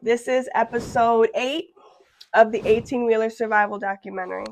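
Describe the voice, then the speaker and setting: A young woman introducing her vlog episode, apologetic and low-key. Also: fairly even intonation, normal speed, slight background noise. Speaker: vlogger.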